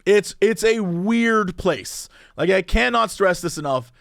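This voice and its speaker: A man, co-hosting a podcast, rambling in an animated, casual way with lots of restarts. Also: high voice, a little slow, gravelly, no room sound, studio quality. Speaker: podcast co-host. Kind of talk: casual chat.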